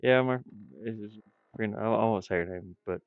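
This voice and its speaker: A fairly low-voiced man with a stuffy nose chats on a live stream as he builds a game, rambling and talking himself through each step. The sound is dry and a little dull, with mouse clicks now and then behind him. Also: moderate pace, clear, resonant tone, no room sound. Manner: rambling, self-talking, chuckles often. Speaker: indie game developer streaming. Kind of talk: casual live-stream chat while working.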